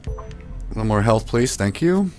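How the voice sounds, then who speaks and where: A man commentating his own gameplay, panicking and swearing through fights, then calming down to chat. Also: fairly low pitch, measured pace, faint music behind. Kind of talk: let's play commentary.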